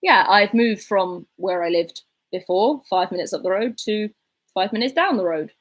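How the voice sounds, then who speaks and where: A young Englishwoman with a southern English accent talks through viewer questions in a loose, rambling way. Her voice is husky and a little breathy. She laughs easily as she goes. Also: mid-range voice, animated, normal speed, low-quality recording. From England. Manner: chatty, rambling, laughs often. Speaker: vlogger answering viewer questions. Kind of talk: casual chat.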